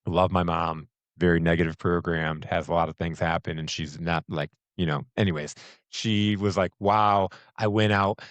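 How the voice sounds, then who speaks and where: Host, middle-aged man, deep low voice, dry close sound, rambling storyteller with fillers. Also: steady tone, moderate pace, no echo. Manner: storytelling with laughs and many fillers. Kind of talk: casual conversation.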